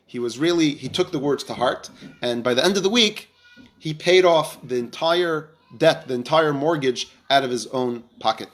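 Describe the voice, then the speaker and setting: A man with a fairly high voice tells a story as part of a Torah lesson. He acts out the dialogue and often restarts his sentences. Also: a bit bright. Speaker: rabbi teacher.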